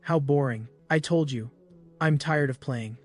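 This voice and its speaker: A man's voice: medium pitch, a little slow, faint music behind, natural voice. A man voicing a cruel, arrogant male villain who taunts coldly and nonchalantly. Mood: cold taunting.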